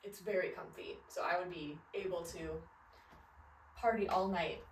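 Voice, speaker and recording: A woman's voice: on the low side, fairly even intonation, moderate pace, slight background noise. A woman in her thirties from the Midwest, chatting casually and rambling about outfits from her closet. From American Midwest. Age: 30s. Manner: chatty, rambling, many fillers and laughs. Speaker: fashion vlogger. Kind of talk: casual chat. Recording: roomy, a little distant from the mic.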